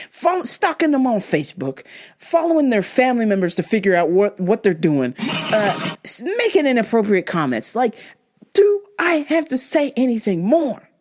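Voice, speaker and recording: A young woman from Southern California hosts her own show, ranting and swearing freely. Her pitch swoops widely as she mocks people in put-on voices. It is loose, animated, casual talk. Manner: profane, animated, mocking voices and laughing. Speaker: podcast host. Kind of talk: casual rant monologue.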